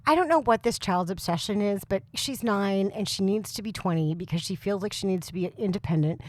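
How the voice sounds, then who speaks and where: A woman in her thirties or forties with a very loud voice, co-hosting a podcast and telling a comic story with lots of laughs and exasperation. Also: medium pitch, a little fast. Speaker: podcast co-host. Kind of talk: casual chat, comic storytelling.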